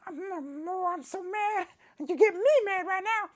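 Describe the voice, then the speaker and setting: In a comedy sketch interview, a woman with a very high-pitched voice plays an angry, boastful male wrestler. She rants and repeats herself, leaning on slow, heavy emphasis.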